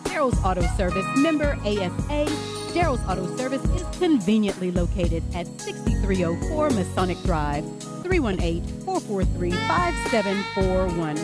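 A woman reads a scripted commercial in a sing-song manner with a very animated pitch. Loud music plays under her voice throughout. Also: moderate pace. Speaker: ad voice-over.

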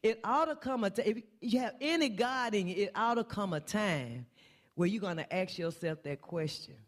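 A woman's voice: lively intonation, moderate pace. A woman preaching a heartfelt sermon in a church. She builds through repeated refrains, and her voice leaps upward on the lines she wants to land. Her delivery is earnest and plainspoken. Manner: impassioned, repetitive refrains, pitch climbing on key phrases. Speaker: church speaker.

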